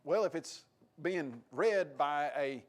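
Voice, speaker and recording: A Tennessee-accented man preaches a sermon in a fairly high voice. He talks with animated emphasis and often raises his voice for quoted lines. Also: slow.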